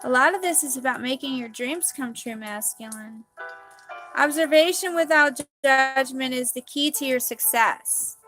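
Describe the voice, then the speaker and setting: A high-pitched woman leads a live spiritual card reading in a gushing, dreamy, quirky way. Faint music plays softly behind her. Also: measured pace.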